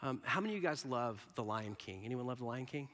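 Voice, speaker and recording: A man preaching a sermon to a live audience in a large hall. He is animated, swinging from hushed whispers to loud bursts, and laughs often. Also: mid-range voice, fast talker.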